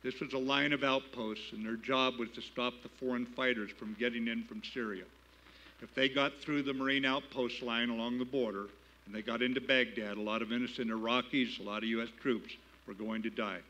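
A man's voice: mid-range voice, steady tone, fairly quick, bright, forceful tone, low-quality recording. Older man giving a plain-spoken keynote. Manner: plain-spoken, folksy, building to emphatic patriotic appeals. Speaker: keynote speaker. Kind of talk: storytelling speech. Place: gala banquet hall.

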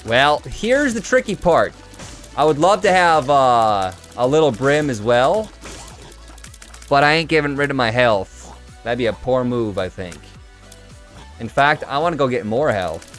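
Animated man streaming a game. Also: medium pitch, a little slow, soft background music. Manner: chatty, animated, reads and answers chat. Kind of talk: casual game-stream commentary.

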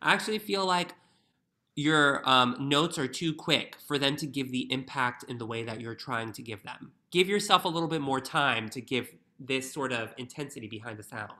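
A man's voice: medium pitch, normal speed, pushed and bright. A young man teaching violin in an online masterclass, encouraging and singing phrases on nonsense syllables over a video call.

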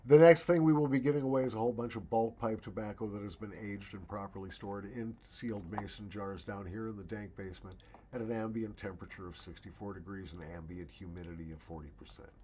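A middle-aged man with a lowish voice talks through a giveaway in a chatty, wry way, leaning hard on his jokes. The sound is dull and lo-fi, with a faint hum of room noise behind him. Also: steady tone, fast talker, warm tone. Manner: chatty, wry, emphatic asides. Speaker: channel host. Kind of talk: casual giveaway announcement. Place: home basement.

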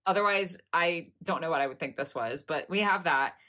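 A woman's voice: on the low side, brisk, sharp tone. A young American woman chatting through a casual toy unboxing, gushing and giggly as she talks. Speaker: doll collector vlogger.

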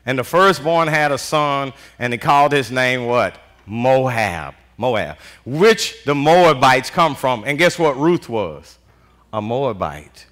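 A man preaching a sermon as pastor, in animated call-and-response style with constant "Amen" and casual vernacular with "y'all". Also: medium pitch, takes it slowly. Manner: Southern US Black vernacular speech, "y'all".

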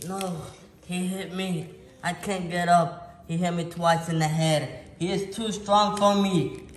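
A man's voice: sits high, fairly even intonation, slow pace, echoey room, a little hiss or hum. A man playing a hero in improvised toy make-believe, fighting a villain who is too strong for him. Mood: determined. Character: male hero beaten by a villain. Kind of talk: improvised toy play-acting.

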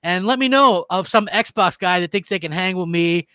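A man's voice: sits high, moderate pace, bright, forceful tone, clean tone, no echo. A man hosting a gaming stream who rants heatedly and reads out viewer comments. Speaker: gaming channel host. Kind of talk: live-stream rant.

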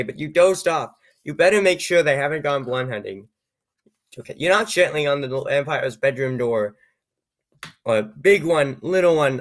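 A man reading an odd, computer-written story aloud, with low-key, wry remarks on the text and frequent stumbles over words. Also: a bit bright. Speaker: YouTuber reading AI-generated stories. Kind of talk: comedic reading with asides.

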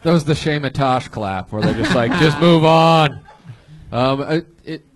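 A man sitting on a live comedy show panel. He offers feedback in a halting, thoughtful way, with a steady mid-range voice. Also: mid-range voice, crowd noise. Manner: halting, thoughtful advice with restarts. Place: comedy club stage.

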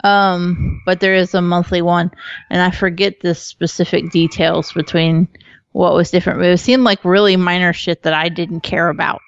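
A woman's voice: fairly low pitch, steady tone, normal speed, clean tone, no echo. Chatty woman, slightly dull audio. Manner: chatty, laughs often, swears casually. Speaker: podcast co-host. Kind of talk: casual chat.

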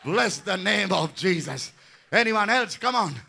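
A man's voice: high-pitched, expressive, unhurried, gravelly, bright, forceful tone. A man in his sixties leading a healing service as pastor, fervent and repetitive in call-and-response. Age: 60s.

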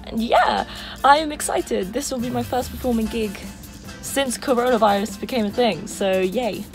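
A young woman chats brightly to a handheld camera at an outdoor festival, bubbly and upbeat. Her voice sits fairly high. Music plays clearly in the background. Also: normal speed. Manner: bubbly and chatty. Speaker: vlogger and children's entertainer. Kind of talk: casual vlog.

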